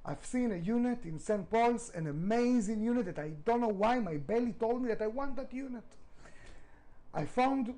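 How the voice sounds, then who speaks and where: A man's voice: extremely high pitch, expressive, moderate pace, warm tone, poor audio. A middle-aged man, a restaurant founder, telling his story in a podcast interview, emphatic, swearing freely, with non-native grammar.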